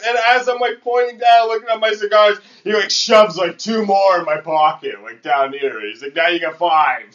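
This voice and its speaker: A man's voice: sits high, normal speed, few pauses, a bit bright. A young man from Canada co-hosting a podcast, telling a rambling story in casual chat, full of "like" and acted-out quotes. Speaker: podcast co-host. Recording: dull lo-fi sound.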